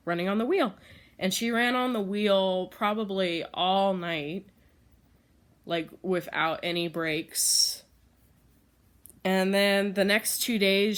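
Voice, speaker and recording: A woman chatting casually in a home vlog, rambling with lots of fillers and frequent laughs. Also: fairly low pitch. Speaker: vlogger. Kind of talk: casual chat.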